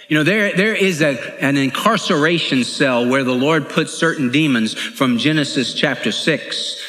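A man's voice: medium pitch, a bit bright. A male pastor preaching an earnest, emphatic sermon, often repeating his phrases for weight. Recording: echoey hall.

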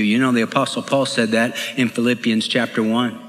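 A man's voice: mid-range voice, steady tone, moderate pace, hardly any pauses, a bit bright. A male pastor preaching an earnest, emphatic sermon, often repeating his phrases for weight. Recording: echoey hall.

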